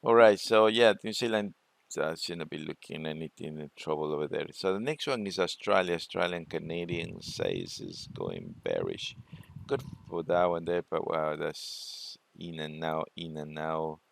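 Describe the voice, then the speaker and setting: A man presenting a forex trading walkthrough, talking it through unhurriedly with many fillers and pauses. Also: low voice, creaky, fairly bright tone, dry recording. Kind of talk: screen-share trading walkthrough.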